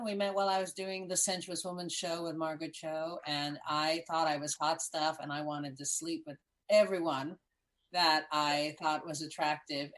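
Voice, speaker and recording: A woman speaking as a guest in a casual group video-call chat, effusive and quick to laugh. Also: low voice, a bit bright, low-quality recording. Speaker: podcast guest.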